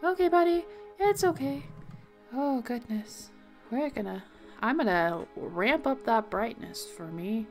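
A woman's voice: a little high, animated, a little slow, faint music behind. A young woman giving let's play commentary, reading game text aloud and reacting with worried exclamations. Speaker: gaming video host.

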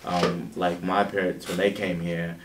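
Deep-voiced young man with a Kiwi accent. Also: level tone, a little slow, reverberant, distant mic, noisy background. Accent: New Zealand. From Zimbabwe. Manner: laid-back, laughs often, trails off into fillers. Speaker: guest, clothing entrepreneur. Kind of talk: casual interview chat.

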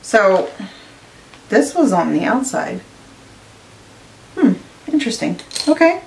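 A woman beauty vlogger chatting casually through an unboxing, gushing and excitable, with lots of "like" and "you guys". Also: mid-range voice, slow, vocal fry, recorded from a distance, a little hiss or hum. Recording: echoey room, voice a bit off-mic.

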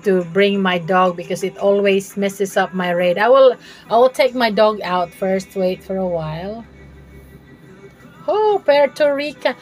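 Slow-talking, chatty woman streamer. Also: medium pitch, low-quality recording. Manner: chatty, laughs often, greets viewers. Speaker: game streamer. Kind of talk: live gameplay stream chat. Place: her room at home.

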